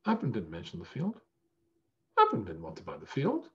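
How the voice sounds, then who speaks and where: A man's voice: fairly low pitch, huge pitch swings, a little fast, highs cut off. A man teaching a weekly Torah lesson as a rabbi, conversational and self-deprecating. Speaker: rabbi teaching a text class.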